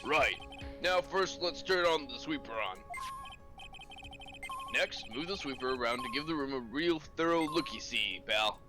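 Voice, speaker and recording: A man voicing a gruff, friendly male detective who calls everyone pal, reading game dialogue on a live stream with a hearty, folksy manner. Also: mid-range voice, expressive, unhurried, music in the background, close to an everyday voice. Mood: instructive.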